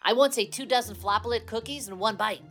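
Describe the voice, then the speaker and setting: A woman's voice: fairly high pitch, fast, fairly bright tone, faint music behind. Woman playing Bobby Wonder, a goofy alien boy. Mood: cheery. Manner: cheery, earnest, literal-minded. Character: cheerful goofy alien boy from another planet. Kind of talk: kids' audio drama acting.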